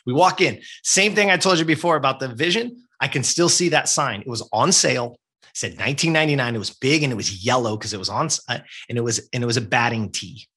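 A man in his fifties tells a personal story as a guest. His voice is forceful and bright with a husky edge, and he speaks earnestly and emphatically. He keeps checking in with his listeners, asking "right?". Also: medium pitch, fast. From Southern California. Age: 50s.

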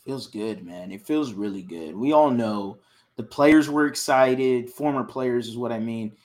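A young man from Houston co-hosting a casual sports chat, passionate and excitable, often repeating himself. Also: medium pitch, a little slow. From Houston, Texas. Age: young adult. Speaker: sports podcast co-host.

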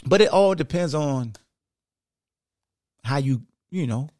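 A man's voice: on the high side, animated, takes it slowly, darkish tone, no echo, studio quality. A man hosting a sports podcast, talking in a casual, emphatic monologue and often saying "like" and "y'all". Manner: conversational, emphatic, heavy use of "like" and "y'all".

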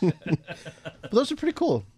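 Sarcastic guy in his 30s on a podcast, kinda high voice, super lively, dry sound. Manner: sarcastic, quick retorts. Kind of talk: casual podcast banter.

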